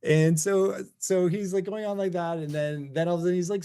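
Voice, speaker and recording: A man, a musician guest, telling a casual anecdote in an animated way, laughing often and using many fillers. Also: sits high, brisk, hardly any pauses, smooth.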